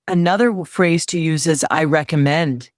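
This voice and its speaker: A middle-aged woman coaching on confidence in an interview, measured and instructive, repeating key phrases for emphasis. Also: deep voice, no echo, studio quality. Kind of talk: advice in interview.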